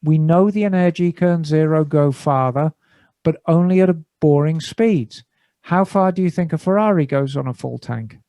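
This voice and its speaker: A man with a notably high voice co-hosts a casual podcast, reading a listener's email aloud and breaking off with dry, jokey asides. His voice is close and dry, with no room sound around it. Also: moderate pace, mellow, dry recording. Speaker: podcast co-host. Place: garage studio.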